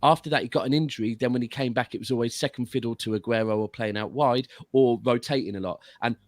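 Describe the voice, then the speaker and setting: A man's voice: medium pitch, quick pace, no room sound. A man as a guest pundit giving casual football analysis, explaining at length with frequent restarts. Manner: explanatory, long runs of reasoning with restarts.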